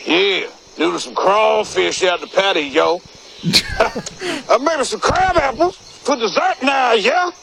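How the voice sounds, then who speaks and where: Gravelly Southern army sergeant. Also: male voice, high-pitched, very animated, slow, sharp tone, a little hiss or hum, heavily acted. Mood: rowdy. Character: brash gravel-voiced male army sergeant. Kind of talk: film comedy acting.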